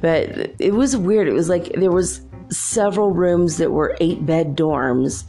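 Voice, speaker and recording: Hosting a show, a woman delivers a casual monologue of chatty, meandering stories and laughs often. Her voice is lowish and dark in tone, she speaks slowly, and faint music plays in the background.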